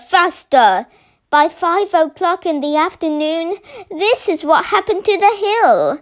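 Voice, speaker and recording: A woman reading a children's story aloud with slow, expressive storytelling. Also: high voice.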